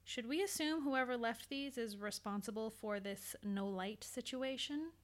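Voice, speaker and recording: A woman's voice: measured pace, close to an everyday voice. A woman voicing a nervous young woman who speaks hesitantly and asks anxious questions. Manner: hesitant, questioning, slightly higher.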